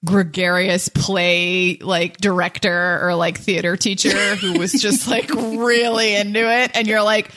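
A woman's voice: mid-range voice, little pitch movement, measured pace, hardly any pauses, noisy background. A young woman talking casually, with many fillers and easy laughter. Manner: chatty, filler-heavy, laughs easily. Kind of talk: casual chat.

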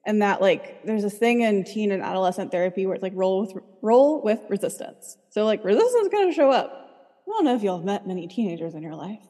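Mellow-voiced woman therapist, chatty. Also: medium pitch, animated, quick pace, in a large hall. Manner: chatty, fills speech with "like". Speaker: licensed therapist, guest. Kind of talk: casual interview talk.

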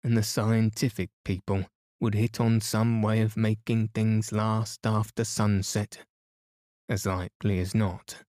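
A man's voice: on the low side, level tone, unhurried, mellow, dry recording, studio quality, lightly acted. A man voicing a grumpy, tired old sand fairy in a storybook, fretful and complaining.

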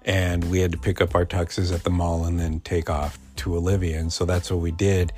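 A man's voice: low voice, level tone, moderate pace, a little mellow, soft background music. A man in his forties telling a personal story in a casual, rambling way, full of fillers and restarts. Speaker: podcast host.

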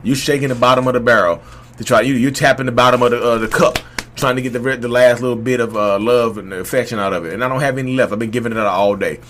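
A man speaks in a candid, unscripted monologue. He rambles and restarts, and his voice climbs loud when he gets heated. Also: medium pitch, fairly even intonation, fast talker, a little hiss or hum. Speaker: vlog host speaking on his own experience.

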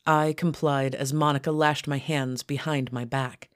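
A woman author narrating her own first-person story in a steady, low-key reading. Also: measured pace.

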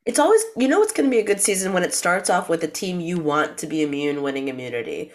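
A woman's voice: on the low side, very animated, fast talker. A young woman co-hosting a podcast in casual chat, playful and rambling. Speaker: podcast co-host.

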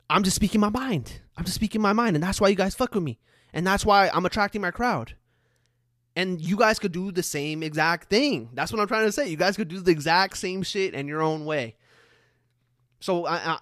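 This man's voice is high and slightly bright, recorded cleanly in studio quality with no echo. A social media creator, he delivers a casual, blunt, profanity-laced motivational monologue straight to his viewers, repeating points for emphasis.

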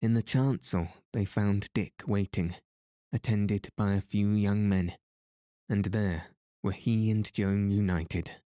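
Slow, deep-voiced male narrator. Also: fairly even intonation, warm tone, no echo, studio quality. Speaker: audiobook narrator. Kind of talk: scripted narration.

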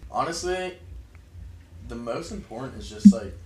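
A man's voice: mid-range voice, moderate pace, far from the mic, a little hiss or hum. Rambling young man in an echoey room. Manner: relaxed, rambling, heavy use of "like". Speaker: interview guest, fraternity member. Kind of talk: casual interview chat.

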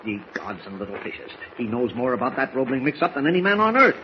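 An actor in a 1940s radio drama playing a blustering, hot-tempered newspaper editor who sputters and shouts colorful exclamations. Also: male voice, mid-range voice, big pitch swings, fast, natural voice. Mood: worked up. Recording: dull old radio recording with faint hiss.

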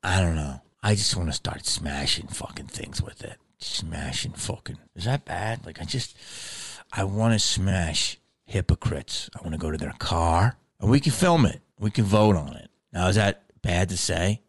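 Deep-voiced man on a profane rant. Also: slightly rough, dry recording. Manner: profane, agitated, ranting, drops low and quiet when bitter. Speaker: actor venting to camera.

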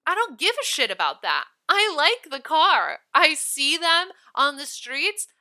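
A woman hosting a podcast, telling a story in a casual, animated and giggly way. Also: high voice, unhurried. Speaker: podcast host.

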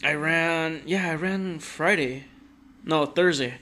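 A man's voice: on the high side, takes it slowly, bright, forceful tone. A young man co-hosting a podcast in casual chat, slangy and laughing as he tells stories. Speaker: podcast co-host.

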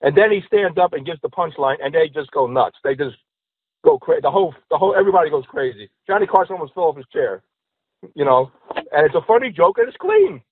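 A man who talks fast and rambles through his stories, dropping in asides. His voice is a little husky and slightly high. It sounds thin and dry, as if coming over a phone line. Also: expressive, no echo. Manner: rambling, repeats "you know". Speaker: comedian guest. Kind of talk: casual chat and joke telling.

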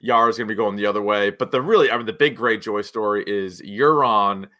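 An animated young man talking through a show recap in easy, casual conversation. His voice is bright and forward, and he slips into quick voices for the characters' lines. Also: on the low side. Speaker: podcast co-host. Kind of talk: casual chat.

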